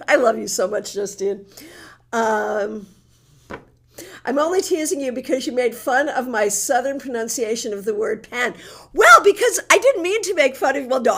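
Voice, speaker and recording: A woman with a New England accent, a tarot reader chatting with her live audience and giving card readings in a friendly, teasing way. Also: fairly high pitch. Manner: chatty, warm teasing with frequent laughter.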